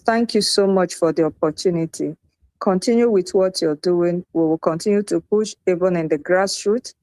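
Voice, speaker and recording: A woman's voice: on the low side, dark tone, no echo. A woman, earnestly saying goodbye in a live audio chat. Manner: slow, earnest, signing off. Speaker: speaker leaving an audio space.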